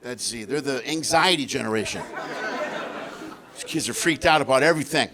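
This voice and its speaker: A middle-aged man doing a high-energy stand-up comedy set on a theater stage, shouting punchlines and acting out other people. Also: lively intonation, a little fast, crowd noise, noisy background. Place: theater stage before a laughing audience.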